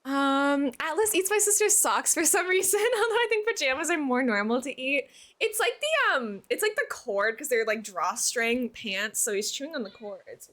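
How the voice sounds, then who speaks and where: Chatting casually on a live stream from her room at home, a young woman speaks in a high, bright voice at normal speed. Her intonation is lively with wide pitch swings, and she's giggly and hiccuping, switching to baby talk for her cat.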